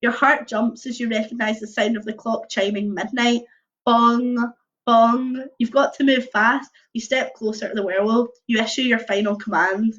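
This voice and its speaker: A young woman reading a choose-your-own-adventure book aloud on a livestream, mixing lively narration with casual chatty asides. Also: a little high, normal speed. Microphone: computer or phone mic on a video stream. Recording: dull lo-fi livestream audio.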